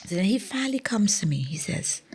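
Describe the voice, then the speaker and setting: A Bahamian woman, a former track athlete, telling stories from her career in an interview, acting out the dialogue with animated energy. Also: mid-range voice, fairly quick, husky. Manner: animated storyteller, acts out dialogue. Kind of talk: storytelling in a sit-down interview.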